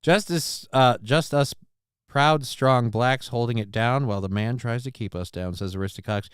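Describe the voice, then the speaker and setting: A man's voice: medium pitch, normal speed, smooth, no echo, clean studio sound. A man hosting a livestream, chatting casually and reading out viewer comments in a rambling, profane, joking way. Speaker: livestream show host.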